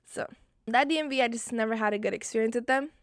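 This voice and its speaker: A young woman vlogger telling a storytime in casual, expressive chat, often swearing. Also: a little high, fast, no room sound, clean studio sound. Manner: animated, expressive and profane.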